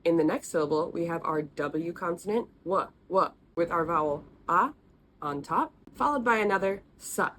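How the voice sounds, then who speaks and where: A woman teaching the letters and sounds of an alphabet in a friendly, patient way, repeating each sound slowly. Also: on the low side, a bit bright, slight background noise. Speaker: language teacher. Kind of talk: explaining, recorded lesson.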